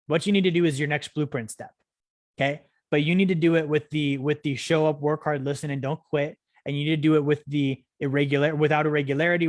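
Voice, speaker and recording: A man's voice: a little high, no room sound, studio quality. A young man hosting a live-streamed finance lesson, talking energetically and asking "right?" and "okay?" over and over to rally his viewers. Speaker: financial education course host. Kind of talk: live-streamed teaching talk.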